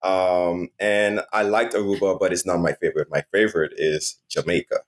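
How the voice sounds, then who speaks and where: Deep-voiced Caribbean man, easygoing. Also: fairly even intonation, normal speed. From Saint Martin. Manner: easygoing, upbeat, chuckles while talking. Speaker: guest. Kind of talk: casual interview chat.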